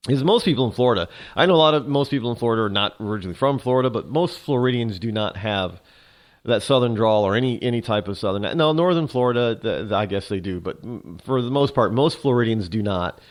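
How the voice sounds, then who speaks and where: A man hosting a talk show, giving a rambling political commentary monologue full of halting restarts. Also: medium pitch, lively intonation.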